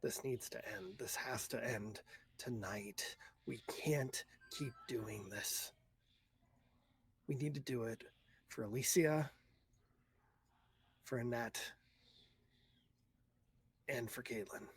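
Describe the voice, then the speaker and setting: A man voicing a weary, determined man who speaks quietly and grimly to himself. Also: mid-range voice, takes it slowly, pauses often, slight background noise. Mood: grim resolve.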